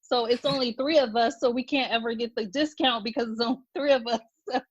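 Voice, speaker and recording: Halting woman on a dull, dry line. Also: fairly high pitch, steady tone, husky, no room sound. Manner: personal, halting, with restarts. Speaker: guest sharing a personal loss. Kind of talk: podcast interview.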